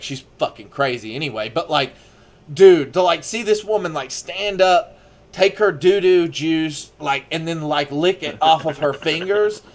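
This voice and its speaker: Young man, a bit high-voiced, rambling casual storyteller with lots of "like". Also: fairly bright tone. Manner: rambling storyteller, heavy filler words and swearing. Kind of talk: casual chat.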